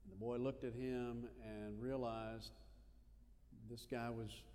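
A man preaching a sermon, telling a story in a lively, animated way with little asides. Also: medium pitch, slow, in a large hall. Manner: animated storyteller, acts out voices in quotes.

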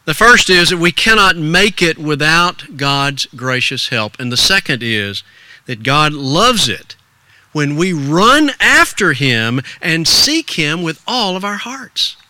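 An older man, a pastor, preaching an earnest sermon in a storytelling way. He drops to soft hushes, then rises with stirring emphasis. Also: on the high side, big pitch swings, slow pace, no echo.

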